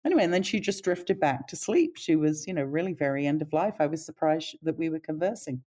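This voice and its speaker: A middle-aged woman, a palliative care nurse, telling stories in a casual interview and jumping up in pitch when she quotes people. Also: fast talker. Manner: animated pitch when quoting others.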